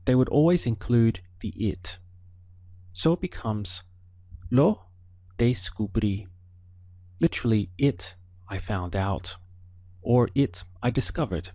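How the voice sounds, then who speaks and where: A man teaching a Spanish lesson online, explaining slowly and modeling words syllable by syllable. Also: medium pitch, lively intonation, dark tone, dry recording. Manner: slow, deliberate explaining with careful word-by-word modeling.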